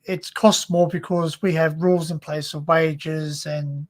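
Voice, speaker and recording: A man's voice: on the high side, level tone, a little slow. A man with an Australian accent, chatting casually and telling rambling stories full of fillers. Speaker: co-host. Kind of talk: casual chat.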